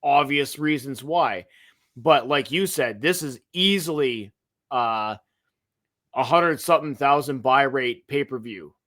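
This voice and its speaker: A man's voice: medium pitch, measured pace. Emphatic man co-hosting a podcast. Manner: animated, emphatic, restarts phrases often. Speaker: podcast co-host. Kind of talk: casual wrestling history chat.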